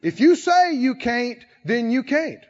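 A man preaching a sermon as pastor, shifting from soft talk to loud, shouted exhortation with laughs. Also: very high-pitched, big pitch swings, takes it slowly, lo-fi sound.

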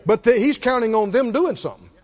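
Male preacher, high-pitched and animated, emphatic call-and-response, church hall reverb. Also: fast talker. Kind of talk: sermon. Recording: long hall reverb, dull lo-fi sound.

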